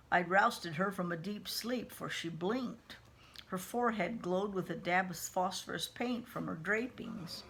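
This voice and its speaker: A woman's voice: lowish voice, gravelly, a bit bright, slightly rough. A woman reading a first-person novel aloud, stopping now and then to comment in a casual way. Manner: unpolished reading, stops to comment. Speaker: reader of a novel.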